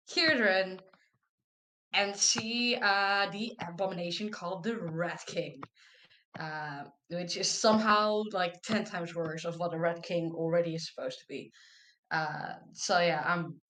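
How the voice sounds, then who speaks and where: A woman's voice: fairly low pitch, steady tone, takes it slowly, fairly bright tone, a little hiss or hum. A woman player wryly recapping a tabletop game session with sarcastic asides. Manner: sarcastic, wry.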